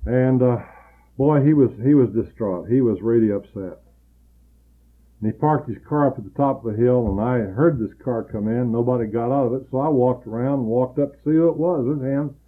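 A man preaching a sermon, earnestly building emphasis and then dropping low and quiet to tell a personal story. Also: a little fast, narrow, tinny audio.

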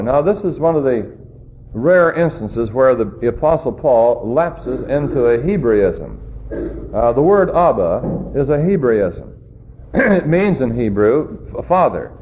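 A man delivers a sermon in a middle-pitched voice, unhurried and deliberate, stopping often on "uh" and putting questions to his listeners. The recording is muffled and lo-fi. A faint noise sits underneath. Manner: slow, deliberate teaching with frequent "uh" fillers; asks the congregation rhetorical questions. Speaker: preacher.

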